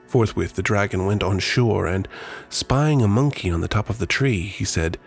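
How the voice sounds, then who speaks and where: A man's voice: fairly low pitch, normal speed, gravelly, slightly rough, faint music behind. A man hosting a podcast, reading a scripted introduction and a folktale with a dry, playful delivery. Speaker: podcast host. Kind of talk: scripted narration.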